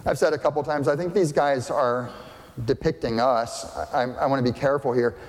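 A man preaching a sermon as pastor, deliberate and questioning, often checking that listeners follow. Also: medium pitch, fairly even intonation. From family partly German and partly English. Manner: slow, deliberate, asks the congregation questions. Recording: long hall reverb.

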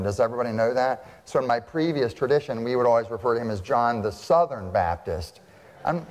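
Chatty pastor in a reverberant church. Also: male voice, medium pitch. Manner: chatty, asks the congregation questions. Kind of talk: conversational sermon. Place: church sanctuary. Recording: long church hall reverb.

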